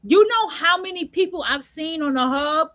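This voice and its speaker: A woman's voice: sits high, animated, moderate pace, bright, forceful tone. A woman hosting an online talk show in a blunt, profane, slangy casual monologue. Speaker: host.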